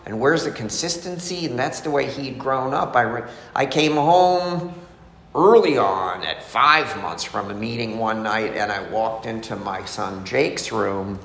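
A man's voice: medium pitch, unhurried, creaky, a bit bright. A middle-aged man telling his recovery story in a candid, confessional way, as a speaker at a meeting. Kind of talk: personal testimony talk. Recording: echoey hall, faint noise.

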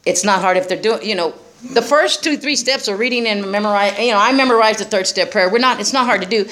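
A woman's voice: mid-range voice, quick pace, a bit bright. A middle-aged woman speaking bluntly to a group about recovery, swearing freely and laughing often. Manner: profane, laughing, streetwise. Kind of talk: blunt personal talk to a group.

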